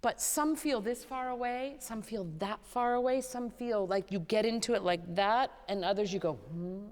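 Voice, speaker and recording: A woman teaching a vocal master class, animated and playful, who often sings short phrases to show what she means. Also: fairly high pitch, moderate pace. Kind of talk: coaching a singer in a master class. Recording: hall reverb, live concert hall.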